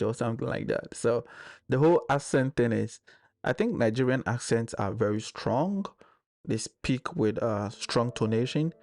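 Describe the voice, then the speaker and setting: A man on a discussion panel, calmly explaining his views in casual debate. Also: medium pitch, moderate pace.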